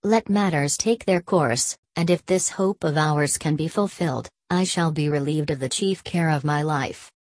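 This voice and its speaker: A woman voicing a stern aristocratic mother who speaks in a cool, measured, commanding way. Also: sits low, darkish tone, no echo. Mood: firm.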